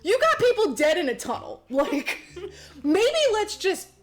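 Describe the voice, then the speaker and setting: A woman's voice: extremely high pitch, very animated, measured pace, faint music behind. A young woman on a podcast, casually and profanely recapping a movie, laughing often and acting out the characters' lines. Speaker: podcast co-host.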